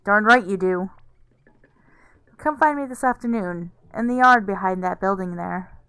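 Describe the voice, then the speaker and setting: A woman reading out a brisk, curt villager. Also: mid-range voice, bright, forceful tone, clear, resonant tone, no echo. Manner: curt, businesslike. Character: brisk villager handing out chores.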